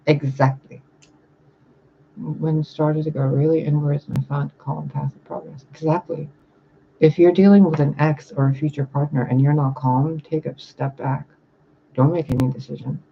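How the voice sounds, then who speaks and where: Blunt, gravelly-voiced man ranting profanely. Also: medium pitch, little pitch movement, moderate pace, lo-fi sound, slight background noise. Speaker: spiritual reader and channeler. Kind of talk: casual livestream rant, reading viewer comments.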